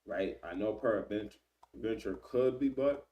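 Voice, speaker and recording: A man reading scripture aloud and explaining it in relaxed everyday slang, often checking in with "right?". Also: lowish voice, slow pace, far from the mic, highs cut off. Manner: reads scripture then paraphrases in slang, frequent "right?". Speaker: Bible teacher. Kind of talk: casual Bible study reading and commentary.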